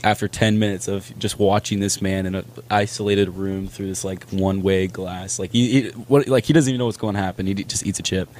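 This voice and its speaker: A man's voice: deep voice, brisk, hardly any pauses, a little hiss or hum. A man joking around in casual podcast chat, telling a made-up scene with energy. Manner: joking, animated storytelling. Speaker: podcast co-host.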